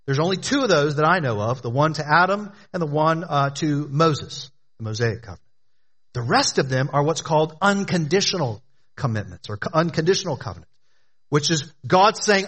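A man's voice: a little high, expressive, normal speed, fairly bright tone, breathy edge. A man preaching a sermon as pastor, with emphatic, repetitive phrasing, sometimes speaking directly to the children in the congregation.

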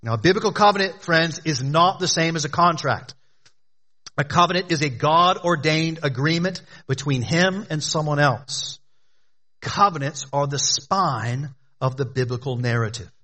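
Man, pastor, sermon, emphatic repetitive cadence, slightly high voice. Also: moderate pace, sharp tone. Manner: addresses children in the congregation directly.

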